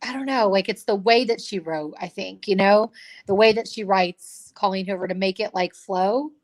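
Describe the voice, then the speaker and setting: A woman in her thirties talks through her thoughts on a novel in a relaxed, rambling way. She circles back often and leans on fillers as she goes. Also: medium pitch, normal speed. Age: 30s. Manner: rambling, many fillers and restarts. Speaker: co-host. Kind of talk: casual book chat.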